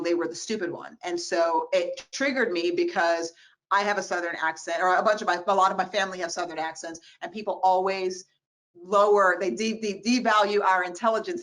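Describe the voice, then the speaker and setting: A woman in her forties, a diversity expert, telling personal stories in a webinar interview on a video call, animated and expressive. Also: fairly low pitch, low-quality recording. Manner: animated, expressive storytelling with quoted voices. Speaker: diversity expert, guest speaker.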